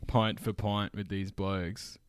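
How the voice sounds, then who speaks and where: A man's voice: lowish voice, level tone, takes it slowly, smooth, no echo, studio quality. A young man co-hosting a podcast, telling stories casually with swearing and laughter. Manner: laughing, swearing, acts out quoted voices loudly. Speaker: podcast co-host. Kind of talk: casual storytelling chat.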